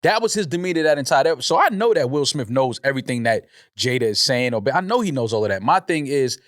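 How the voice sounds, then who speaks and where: A man co-hosting a podcast who argues his case in quick, animated bursts. His pitch swings widely as he talks. The sound is dry and close. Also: no room sound. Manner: animated and argumentative. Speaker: podcast co-host. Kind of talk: casual chat. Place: podcast studio.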